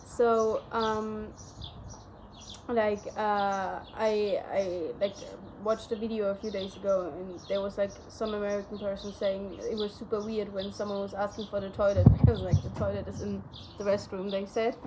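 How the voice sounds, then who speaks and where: A woman's voice: medium pitch, little pitch movement, normal speed, background noise. A young woman whose first language is German, chatting casually and rambling with many fillers. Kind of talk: casual chat.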